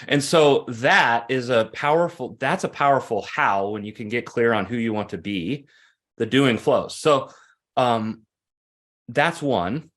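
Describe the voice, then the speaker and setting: A man in his forties, a guest coach, talking earnestly in an interview, animated in his stories and often restarting phrases. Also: mid-range voice, measured pace. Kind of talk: conversational interview storytelling.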